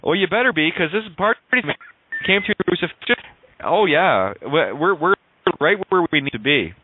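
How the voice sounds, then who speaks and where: A man hosting a call-in radio show, rambling excitedly, swearing freely and laughing often as he plays with the sounds of words. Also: on the high side, moderate pace, slight background noise. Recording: tinny phone-like online call audio.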